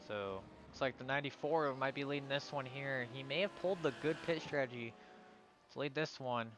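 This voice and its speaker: A man's voice: mid-range voice, a little fast, background noise. A man giving live commentary on an online sim race, calling out positions and sometimes stumbling over drivers' names.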